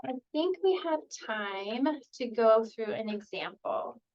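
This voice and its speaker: A woman presenting at a clinical training session, explaining in a relaxed conversational way with frequent ums. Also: fairly high pitch, takes it slowly, lo-fi sound. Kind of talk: conversational teaching talk. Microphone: video call.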